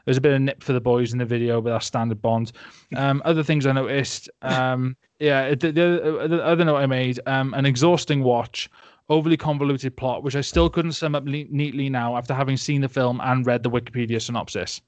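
A man's voice: mid-range voice, fairly even intonation, fairly quick, dry recording. A young man in a casual film-review chat, rambling and sarcastic, often laughing and putting on silly voices. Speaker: podcast host.

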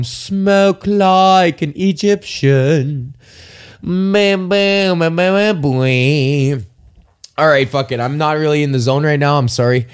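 A man hosting his own podcast alone, ranting and rambling with lots of profanity and self-deprecating asides. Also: medium pitch. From Canada. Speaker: podcast host. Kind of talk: rambling solo podcast rant.

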